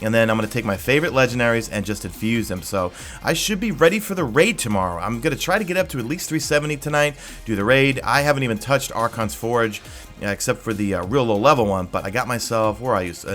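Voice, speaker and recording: A male gaming YouTuber talks viewers through a game in a casual, rambling way, excited and full of quick asides. His voice sits at an ordinary mid pitch. Faint music plays underneath. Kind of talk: casual gameplay guide commentary.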